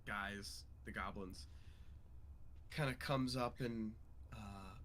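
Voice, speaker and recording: Low-voiced relaxed game master man. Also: takes it slowly, slight background noise. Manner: relaxed, loose, many fillers. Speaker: dungeon master. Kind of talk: narrating a tabletop game.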